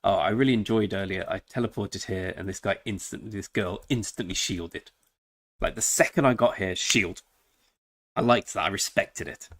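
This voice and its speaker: A man with a lowish voice, chatting loosely through a live game stream. He jokes around and talks straight to his viewers. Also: normal speed. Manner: chatty, joking, talks to chat. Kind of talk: casual live-stream chat.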